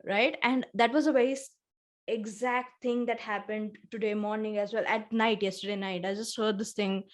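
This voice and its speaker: A woman's voice: mid-range voice, steady tone, moderate pace. A woman co-hosting a casual heart-to-heart conversation, talking in an earnest, reflective way and vividly retelling her own feelings. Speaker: podcast co-host.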